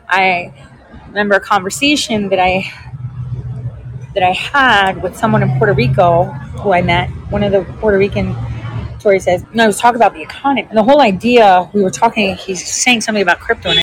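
A woman's voice: medium pitch, moderate pace, slightly rough, no echo, poor audio. A woman hosting a casual livestream, talking to viewers in a chatty, rambling way and swearing freely. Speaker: livestream host reading viewer comments.

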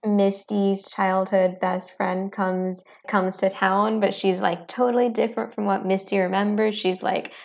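A woman's voice: medium pitch, flat delivery, unhurried, creaky, hardly any pauses. A woman co-hosting a podcast who talks in a rambling, hesitant way, with many fillers, in casual chat. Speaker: podcast co-host.

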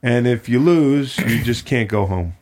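A man's voice: mid-range voice, lively intonation, measured pace, darkish tone. A man hosting a casual chat, joking around and swearing freely. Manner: profane, joking. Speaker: host. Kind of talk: casual podcast banter.

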